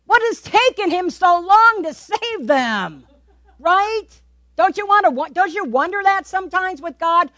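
A woman preaching a sermon, animated, repeating words for emphasis and asking the listeners questions. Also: very high-pitched, unhurried, no room sound.

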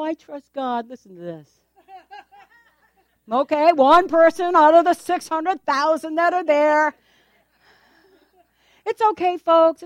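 In a church, a woman pastor preaches a sermon with animation, acting out the voices of the people in her story and laughing often. Her voice is high and the recording is dry.

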